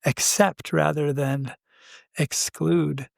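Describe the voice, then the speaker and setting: Man, podcast co-host, reflective spiritual talk, slightly high voice, dry close sound. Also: fairly even intonation, gravelly, dry recording. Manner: thoughtful, unhurried, frequent "uh" pauses.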